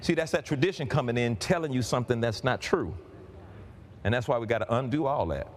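A man preaching a sermon, fervent and building up to shouts. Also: mid-range voice, animated, brisk. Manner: fervent, building to shouts, calls and responses with the congregation.

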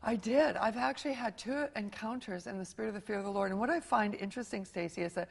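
A woman's voice: mid-range voice, quick pace, gravelly, slightly rough. A middle-aged woman hosting a Christian talk show, asking earnest, emphatic questions. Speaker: host.

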